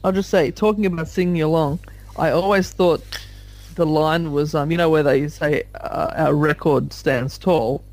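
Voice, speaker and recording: A man in a casual music discussion, animated and jokey, often laughing at his own stories. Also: on the high side, normal speed. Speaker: podcast panelist called Captain.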